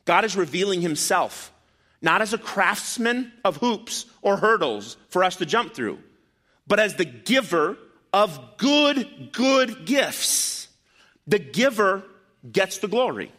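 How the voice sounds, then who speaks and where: A man preaching a sermon in a church, his fairly high, bright voice swinging widely in pitch. He leans into emphatic, loud lines and then drops low and quiet for asides to the congregation. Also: slow pace. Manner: animated, rising to emphatic bursts, dropping low for asides. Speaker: pastor.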